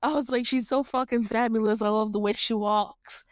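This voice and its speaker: Young New York woman hosting a podcast; lively, laughing, swears freely, fairly high voice. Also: normal speed, no room sound, studio quality. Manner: animated, laughs often, swears casually. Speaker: podcast host. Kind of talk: casual chat.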